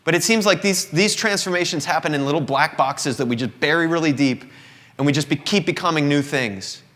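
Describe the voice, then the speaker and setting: A singer-songwriter in his thirties from the Southern United States gives an earnest, reflective confessional monologue to a live audience in an indoor company showroom. His fairly high, fairly bright voice moves a little fast, and the live room adds long reverb.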